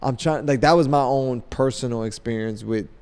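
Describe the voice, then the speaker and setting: A man guesting on a podcast, telling loose, animated stories full of fillers. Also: mid-range voice, moderate pace, smooth, big-room sound. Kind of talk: casual storytelling chat. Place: podcast studio.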